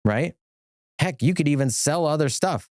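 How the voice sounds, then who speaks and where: Animated middle-aged man, dry studio sound. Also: a little high, normal speed, dry recording. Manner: animated, enthusiastic, rambling with restarts. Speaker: podcast guest, attorney. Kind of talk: casual podcast conversation.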